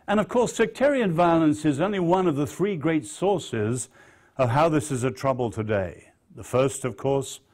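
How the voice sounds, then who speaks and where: A man with an English accent giving a public lecture, measured and dryly witty, leaning on key phrases. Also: medium pitch, darkish tone. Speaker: guest lecturer.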